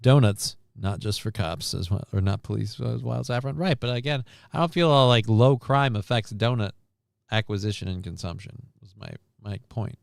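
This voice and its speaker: A man's voice: on the low side, moderate pace, creaky, no room sound. Dry, sarcastic stream host man. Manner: sarcastic, rambling asides. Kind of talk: casual news commentary.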